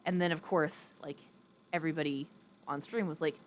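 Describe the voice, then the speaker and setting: A woman's voice: steady tone, moderate pace, slight background noise. A young adult woman chatting casually on a live stream, rambling and reading viewer comments aloud. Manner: coos in a high baby voice to a pet. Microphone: streaming setup with a ring light.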